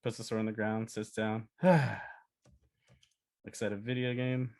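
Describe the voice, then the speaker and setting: A man giving a casual talk as a storyboard artist, chatty and animated, acting out cartoon pitches. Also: brisk. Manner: animated, chatty, many fillers and laughs.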